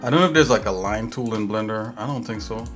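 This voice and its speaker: A man's voice: fairly low pitch, quick pace, a bit bright, soft background music. A man hosting a casual livestream as a game developer, talking in an easygoing, rambling way with lots of fillers.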